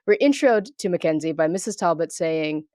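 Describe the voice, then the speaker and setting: A woman's voice: fairly low pitch, lively intonation, moderate pace, darkish tone, no room sound. A woman co-hosting a podcast, recapping a movie plot in order with dry asides. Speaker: podcast co-host. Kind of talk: casual movie recap chat.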